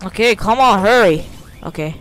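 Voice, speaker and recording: A man giving live gameplay commentary into a desk microphone, swearing, frustrated and bursting into shouts. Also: high voice, lively intonation, moderate pace, poor audio. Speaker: gaming video creator.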